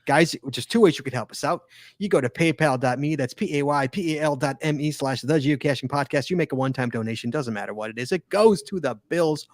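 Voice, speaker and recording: A man's voice: on the high side, quick pace, no room sound, studio quality. A man hosting a casual podcast, talking in a rambling, stop-start way. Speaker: podcast host.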